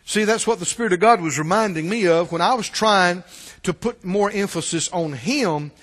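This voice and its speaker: High-voiced preacher man in a reverberant hall. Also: moderate pace. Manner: emphatic preaching, swells to shouts and drops to hushed asides. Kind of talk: sermon.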